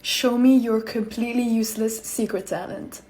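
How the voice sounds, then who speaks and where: A woman's voice: on the high side, steady tone, moderate pace, mellow. A woman doing a playful comedic short-video bit, counting down silly lists and giggling as she goes. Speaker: TikTok creator.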